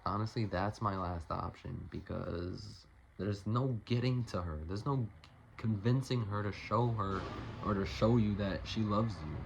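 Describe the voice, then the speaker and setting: A man with a fairly low voice talks straight to his viewers in an emotional, rambling vent. He trips over his own sentences, restarts them and swears when frustrated. A faint hiss sits under his voice. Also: steady tone, a little slow, gravelly. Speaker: vlogger. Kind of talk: emotional personal venting monologue.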